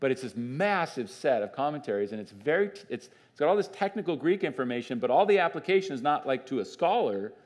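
Man preaching, conversational and animated, mid-pitched voice, church sermon. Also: quick pace, few pauses. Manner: animated and conversational, with restarts and laughs. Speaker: pastor.

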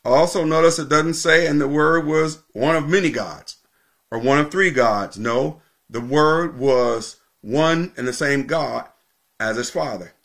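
A male pastor preaching a sermon, teaching with emphatic repetition and slowing down to stress key points. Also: a little high, fairly bright tone.

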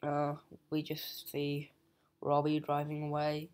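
A young adult reviewer recaps a comic's plot in an unhurried, drawn-out way, stopping often on fillers. The voice stays level and monotone, with little rise or fall, as the speaker walks through the story. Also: medium pitch, clear, resonant tone. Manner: hesitant, many fillers and "just like".

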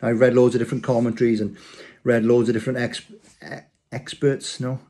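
A man's voice: mid-range voice, level tone, fairly quick, dark tone. A man giving an informal, rambling sermon-style talk to his church, telling a story with frequent restarts. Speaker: church speaker.

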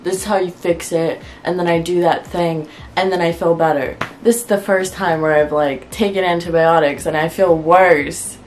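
A woman with a fairly low voice talks casually to camera about her crafts. She sounds unwell and worn out, rambling in a wry, frustrated way and laughing through her complaints. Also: steady tone, moderate pace, hardly any pauses, a little mellow, slight background noise. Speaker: clay crafting vlogger.

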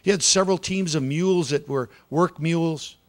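In a fairly high pitch, a man dramatizes a children's story at a church service, alternating hushed moments with louder ones and easing his pace for effect.

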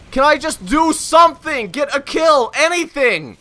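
A man giving live gameplay commentary, frustrated and ranting, sometimes breaking into loud shouts. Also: extremely high pitch, expressive, a little slow, hardly any pauses. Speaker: gamer recording gameplay commentary.

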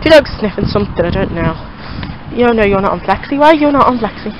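A woman's voice: expressive, fast talker, muffled recording, background noise. Chatty Liverpool woman walking her dogs. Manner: chatty, rambling, talks to her dogs in a high sing-song voice. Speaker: pet vlogger. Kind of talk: casual vlog while walking dogs. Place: outdoors in a local field.

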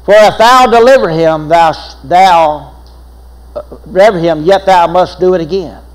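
Older man, high pitch, pastor's sermon, folksy storytelling. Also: unhurried, poor audio. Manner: folksy storytelling preacher with laughs and repeated phrases.

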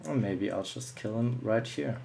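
A man's voice: lowish voice, moderate pace, vocal fry, background noise. A young man giving live commentary over an online shooter match, angry and swearing, mocking the other players. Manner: angry ranting, swearing often; mocking taunts at opponents. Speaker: gameplay commentator.

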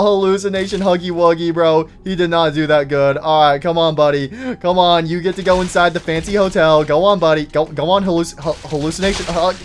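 A man commentating his own gameplay in a casual, excitable way, talking to the characters like pets and crying out when they fall. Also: sits high. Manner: excitable, shouts and cries out at falls; talks to game characters like pets. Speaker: gaming YouTuber.

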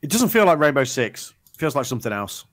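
A man's voice: mid-range voice, big pitch swings, fast. A man co-hosting a gaming podcast, chatting casually and rambling with lots of restarts and ums. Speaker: podcast co-host. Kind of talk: casual chat.

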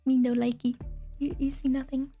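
A young woman giving casual, excitable let's-play commentary, giggling and talking to herself as she plays. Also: sits high, normal speed, soft background music. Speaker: gaming video creator.

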